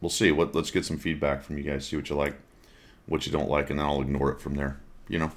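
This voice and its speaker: A man's voice: rumbling low, level tone, fast. A man hosting a casual gaming podcast, joking and self-mocking and laughing often. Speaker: podcast host. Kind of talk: casual chat.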